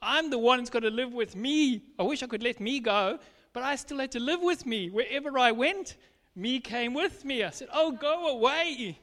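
High-voiced man preaching in a reverberant hall. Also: expressive, moderate pace, a bit bright. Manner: emphatic testimony, acting out quoted dialogue. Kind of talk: sermon.

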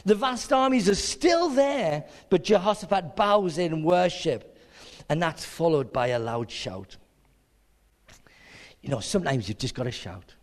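A man preaching a sermon in an animated way, acting out scenes with little voices. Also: on the high side, a little slow. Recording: long hall reverb.

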